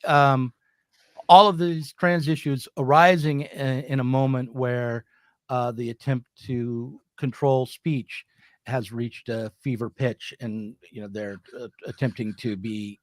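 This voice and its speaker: A man co-hosting a political talk stream, speaking in a middle-pitched voice with frequent fillers and self-corrections. The sound is dry and close, with no room around it. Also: no room sound. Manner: hesitant, many restarts and fillers. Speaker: podcast co-host. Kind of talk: casual political discussion.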